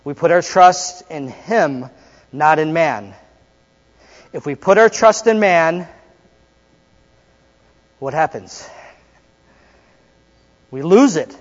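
A male pastor preaching a sermon, leading call-and-response and mixing in joking, conversational asides with dramatic pauses. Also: high voice. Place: church sanctuary. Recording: dull lo-fi recording with long hall reverb and mains hum.

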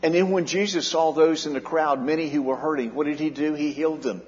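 A man's voice: fairly high pitch, fairly quick. Preaching man in an echoing hall. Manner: earnest preaching, rising and dropping in volume for emphasis. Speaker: pastor. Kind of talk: sermon. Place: church sanctuary. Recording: dull sound in a long-reverb hall.

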